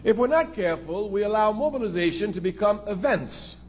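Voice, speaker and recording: A man giving a political speech in a measured way, drawing out key words for emphasis. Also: high voice, lively intonation, a little hiss or hum.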